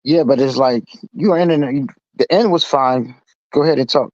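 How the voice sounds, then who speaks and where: Calm man pushing back over dull call audio. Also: medium pitch, no room sound. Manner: measured, pushes back calmly. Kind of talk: heated debate on a call.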